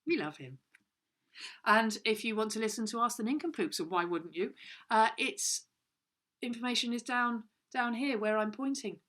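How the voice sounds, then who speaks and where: A woman's voice: on the high side, expressive, normal speed, a bit bright. A woman co-hosting a home lesson, telling a rambling, mock-serious comic story in a playful way. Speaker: co-host of a comedy kids' lesson.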